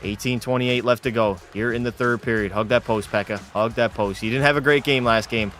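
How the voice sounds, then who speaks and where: A man's voice: medium pitch, steady tone, brisk, a bit bright, faint music behind. A young man streaming a hockey game, chatting with his viewers and getting worked up over the play. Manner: casual, swearing, frustrated outbursts. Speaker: gaming streamer. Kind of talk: live game commentary with chat.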